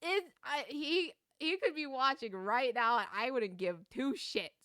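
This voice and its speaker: A young woman streaming a game, ranting casually with swearing and quick laughs while chatting to viewers. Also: high-pitched, lively intonation, a bit bright, no room sound, studio quality. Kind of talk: casual gaming stream chat.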